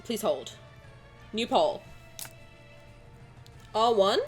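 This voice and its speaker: A young woman streaming a game, chatting playfully to her viewers, joking and breaking into excited shouts. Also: medium pitch, very slow, soft background music. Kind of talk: casual game stream commentary.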